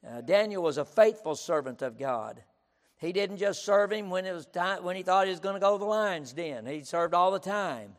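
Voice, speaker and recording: A man's voice: high voice, normal speed. A male pastor preaching a sermon in an emphatic style, repeating his points and often breaking in with "listen". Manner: emphatic, repeats himself, keeps saying "listen". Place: auditorium. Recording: reverberant auditorium.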